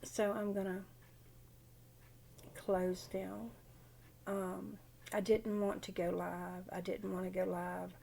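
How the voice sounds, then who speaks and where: An older woman speaks slowly and haltingly in a casual personal vlog. Her voice has a gravelly, creaky edge, and she rambles through her story as a grandmother would. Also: mid-range voice, level tone, a little mellow, a little hiss or hum. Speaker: widowed grandmother.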